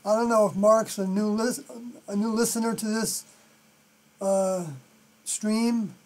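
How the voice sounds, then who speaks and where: A live stream host with a New York accent, thinking aloud through scripture commentary and often trailing off softly. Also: mid-range voice, little pitch movement, slow pace.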